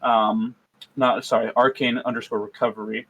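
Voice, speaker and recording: A man in casual podcast chat, running a tabletop campaign as game master. He rambles and jokes, filling pauses with ums and uhs, and talks at an ordinary middle pitch. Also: flat delivery, creaky, a bit bright, slightly rough, highs cut off. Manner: rambling, jokey, lots of fillers.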